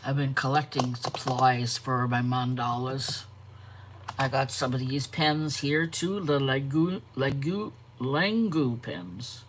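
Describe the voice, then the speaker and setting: Slow-talking chatty woman art host. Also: very deep voice, slight background noise. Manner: chatty, greets viewers by name; frequent yawns and self-corrections. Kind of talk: casual live-stream chat.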